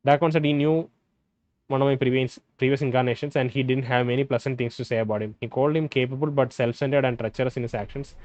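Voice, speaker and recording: A man playing a role-playing game, reading its dialogue aloud and thinking out loud between lines. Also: medium pitch, steady tone, fast, no echo, muffled recording. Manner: hesitant, restarts and fillers, reads dialogue in plain voice. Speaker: gameplay streamer.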